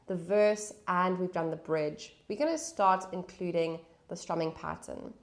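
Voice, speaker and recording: A woman's voice: mid-range voice, fairly bright tone. A woman teaching a guitar lesson, calling out chords and counting beats aloud. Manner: patient, counts beats aloud over strumming. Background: acoustic guitar playing.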